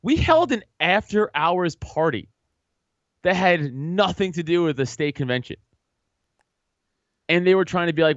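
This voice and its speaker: Casual guest: New man, high lively voice, swears a lot, slightly dull dry recording. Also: measured pace, pauses often, no room sound. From Staten Island, New York. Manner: profane, animated storytelling, laughs often. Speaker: podcast guest. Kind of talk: casual chat.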